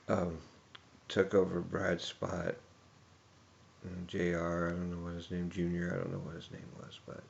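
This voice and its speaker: Low gravelly guy doing a tribute speech, rambly stories, muffled lo-fi sound. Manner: rambling and anecdotal, chuckling often. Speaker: speaker giving a tribute.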